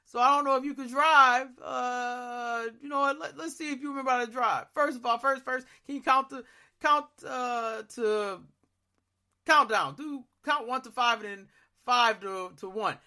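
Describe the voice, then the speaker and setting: The podcaster voicing a mocking male friend who laughs and shouts taunts while retelling a story. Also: medium pitch, moderate pace. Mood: teasing. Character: mocking young adult male friend, loud teaser.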